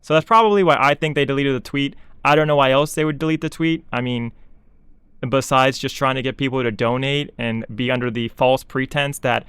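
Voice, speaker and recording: A man's voice: mid-range voice, brisk, fairly bright tone, clear, resonant tone, no echo. A young man, a VTuber, ranting in exasperated, sarcastic commentary, mocking others in quoted asides.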